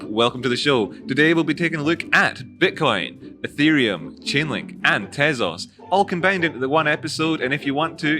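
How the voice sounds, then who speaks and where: A man hosting his own show in a casual, playful way, often laughing. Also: mid-range voice. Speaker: host. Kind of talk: casual chat.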